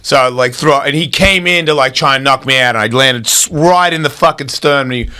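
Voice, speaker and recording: A man's voice: a little fast, smooth. A man telling fight stories on a podcast as a guest, swearing freely and acting out the people he quotes. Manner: profane, animated, acts out quoted people in loud high voices. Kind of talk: casual podcast storytelling.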